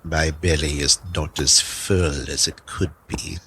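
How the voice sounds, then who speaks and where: Man voicing a slow, wary hungry wolf. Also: rumbling low, steady tone, fairly bright tone, breathy edge, heavily acted.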